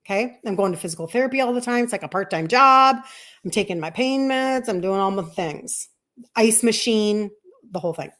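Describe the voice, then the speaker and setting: A woman in her fifties, a health coach on a live stream, telling a personal story in a chatty, animated way and acting out bits of dialogue. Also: medium pitch, brisk. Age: 50s.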